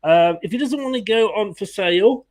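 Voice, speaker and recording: A man's voice: sits high, expressive, normal speed, a little mellow. A man hosting a casual fan live stream, chatting, laughing and greeting viewers in the chat. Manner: chatty, laughs often, reads viewer comments aloud. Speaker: fan channel host.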